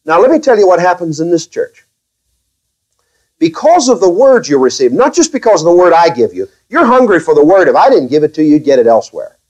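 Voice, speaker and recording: Lively high-voiced male pastor preaching. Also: a little fast, rough recording. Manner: careful, conversational preaching with restarts; wry, gently sarcastic asides. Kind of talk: sermon.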